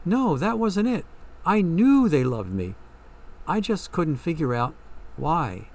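A man's voice: on the high side, very animated, slow, darkish tone, voice pushed up, heavily acted. A man reading a story, voicing a troubled young woman who doubts she deserves love, in a hesitant, questioning way.

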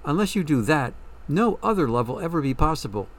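A man reading a story, voicing a calm woman fortune teller who asks measured, probing questions. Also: on the high side. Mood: counseling.

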